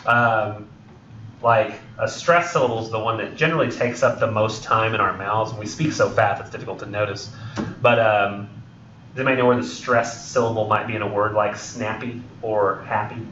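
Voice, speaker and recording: A man's voice: on the low side, steady tone, moderate pace, background noise. Rambling man lecturing in a roomy classroom. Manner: rambling, joking, many ums and self-corrections. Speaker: college English instructor. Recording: roomy, distant, dull lo-fi classroom recording.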